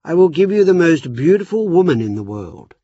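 A man's voice: on the high side, sing-song, fairly quick, mellow, breathy edge, dry recording, pitched above the performer's own voice. A man doing a teasing, coaxing goddess of love. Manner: mocking, coaxing. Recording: dry, slightly dull recording.

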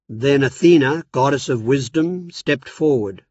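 Slow, steady male storybook narrator. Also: mid-range voice. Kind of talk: audiobook narration. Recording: dry, slightly dull recording.

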